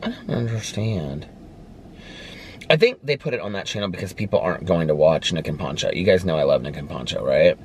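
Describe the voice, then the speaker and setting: A man's voice: low-pitched, lively intonation, brisk, slight background noise. A man with an American Midwest accent chatting casually to his viewers from a parked car, rambling and friendly. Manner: chatty, rambling, addresses viewers as you guys. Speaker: vlogger. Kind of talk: casual vlog chat.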